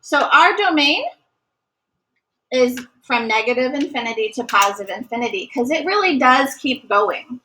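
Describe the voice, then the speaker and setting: A woman's voice: high-pitched, lively intonation, moderate pace, pushed and bright, a little hiss or hum, rough recording. A woman teaching a math lesson to a class, encouraging and sometimes singing short note patterns. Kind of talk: classroom lecture.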